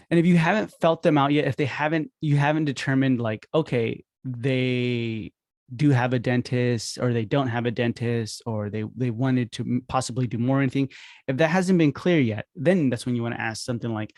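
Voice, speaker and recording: Man, casual instructional talk, energetic, quick voice shifts, dry close-mic sound. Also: mid-range voice, no echo. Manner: energetic, acts out phone calls with quick voice shifts. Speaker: podcast host teaching dental marketing.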